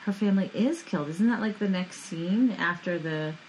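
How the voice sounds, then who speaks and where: A woman's voice: fairly low pitch, normal speed, a little mellow, slight background noise, low-quality recording. A woman co-hosting a casual movie chat, agreeable and backing up her co-host. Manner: agreeable, backs up her co-host with short replies. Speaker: podcast co-host.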